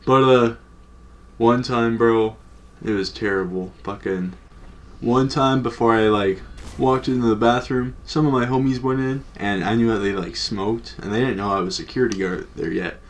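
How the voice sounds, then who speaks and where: A man's voice: medium pitch, normal speed, slight background noise. A young adult man telling a story in a casual, loose, slangy way, full of "like" and swearing. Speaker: storytime vlogger.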